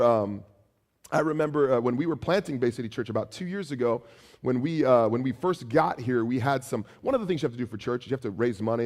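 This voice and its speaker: Pastor guy preaching, gets animated acting stuff out, mid voice, long echo in a hall. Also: medium pitch. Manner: animated, acts out taunts in a raised voice. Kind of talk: sermon.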